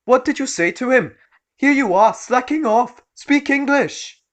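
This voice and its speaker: A man voicing a furious, entitled middle-aged mother who snaps and demands in a shrill voice. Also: normal speed, fairly bright tone. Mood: angry scolding. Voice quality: shrill and screeching. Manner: hostile, demanding, snapping.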